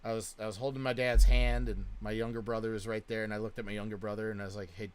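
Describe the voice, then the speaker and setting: A man in his thirties, telling a story in casual chat, with frequent swearing and loud bursts of laughter. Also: fairly low pitch, flat delivery, quick pace, smooth. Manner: swears a lot and laughs loudly. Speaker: streamer.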